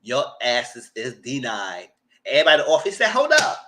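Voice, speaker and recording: Animated man retelling a TV story. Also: a little fast. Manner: dramatic retelling, jumps into squealing high voices for quoted people; loud and expressive with swearing and "girl", "y'all" asides. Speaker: channel host reviewing TV. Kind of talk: animated casual recap.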